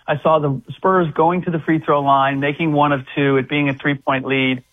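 A man's voice: on the high side, little pitch movement, normal speed. Man talking basketball over a tinny phone line. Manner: rambling, many restarts and fillers. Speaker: guest sports analyst on a call-in segment. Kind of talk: casual sports chat.

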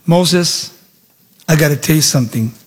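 Man doing God, patient male deity, fatherly, reproving, higher voice, long hall reverb. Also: normal speed, slightly rough. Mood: earnest. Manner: calm, fatherly, reproving questions.

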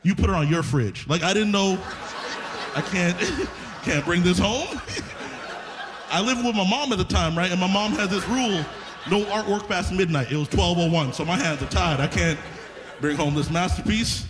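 A man's voice: sits high, animated, moderate pace, big-room sound. A male stand-up comedian telling a story on stage and acting out his parents' voices.

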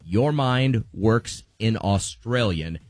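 Radio dj guy, lowish voice, jokey, running a contest, little music under him. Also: lively intonation, slow, darkish tone, no echo. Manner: joking, upbeat, giving contest instructions. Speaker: radio host. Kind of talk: morning radio banter.

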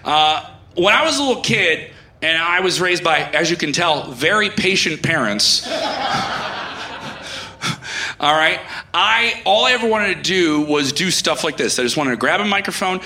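Man, stand-up comic, animated and bright, crowd murmur behind, stage mic. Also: fairly high pitch, moderate pace, long pauses, a little hiss or hum. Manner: loose, earnest closing banter with the crowd. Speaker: stand-up comedian. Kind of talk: stand-up comedy set. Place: comedy club stage.

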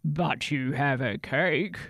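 A woman voicing a greedy male bridge troll who growls his words slowly in a storybook reading. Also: sits low, creaky, dry recording, studio quality, pitched below the performer's own voice, exaggerated voice. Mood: menacing. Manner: growling, slow and drawn out.

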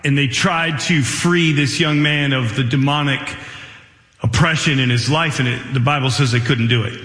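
A man's voice: mid-range voice, normal speed, fairly bright tone. A man preaching a sermon as pastor, speaking earnestly and acting out the people he quotes. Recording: echoey hall with long reverb.

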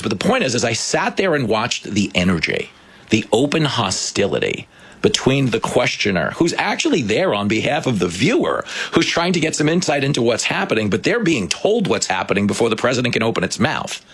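Male talk host, gravelly and husky, lively pitch, animated storyteller. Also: a little fast. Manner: animated storyteller, breaks into laughter. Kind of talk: casual political chat.

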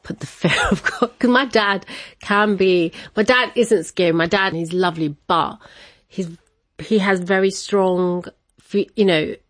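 A woman interviewee telling a personal family story in a lively way, laughing often and acting out the voices of her family. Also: medium pitch, measured pace, no echo.

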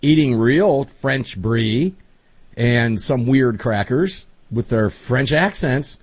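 A man's voice: medium pitch, animated, slow pace, slightly rough, no echo. A middle-aged man hosting a podcast, chatting casually and rambling with emphatic asides. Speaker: podcast host. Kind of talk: casual chat.

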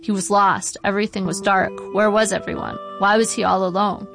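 A middle-aged woman reading her own memoir aloud in a measured, wry way. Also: medium pitch, steady tone, vocal fry, fairly bright tone, faint music behind. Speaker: narrator.

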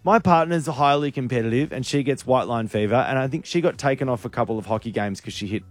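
A man's voice: mid-range voice, fast. A man with an Australian accent co-hosting a radio show, dry and teasing in his banter. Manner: dry, teasing, matter-of-fact. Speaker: radio co-host.

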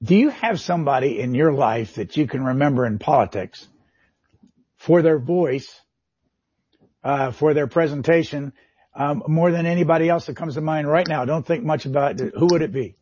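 Husky, dark-voiced male host. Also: a little high, moderate pace, dry recording. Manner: probing questions, frequent throat clearing. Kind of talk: interview hosting. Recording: dry, muffled lo-fi audio.

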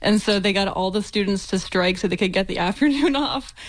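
Woman on a radio interview, earnest, laughs softly between thoughts. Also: medium pitch, fairly quick. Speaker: interview guest.

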